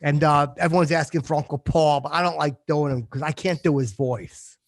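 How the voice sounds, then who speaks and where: A man's voice: a little high, a little fast, dry recording, clean studio sound. An actor playing a crude, boastful male comedian who hosts a podcast, talking with swagger and heavy swearing. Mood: smug. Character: crude boastful middle-aged male comedian, vain and petty. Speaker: podcast host. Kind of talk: improvised character comedy.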